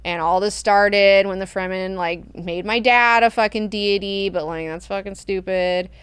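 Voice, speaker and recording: A woman putting on an ancient male god-emperor who talks like a chummy, swearing friend, blunt and full of himself. The voice is smooth and clear, in a dry, close recording. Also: mid-range voice, fairly even intonation, measured pace, dry recording, natural voice. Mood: confiding. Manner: slangy and profane, chummy.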